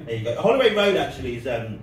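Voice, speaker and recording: A man rambles through a stand-up set and comedy vlog, laughing between lines. He talks fast at a medium pitch with big pitch swings, captured on a distant mic in an echoey space with a noisy background.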